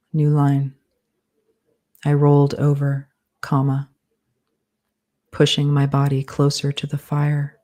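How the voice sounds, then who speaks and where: A woman author dictating her novel live, slowly reading out each comma and period as she composes. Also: extremely low pitch, dark tone. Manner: slow, measured, speaking punctuation aloud. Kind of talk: live dictation of fiction with spoken punctuation.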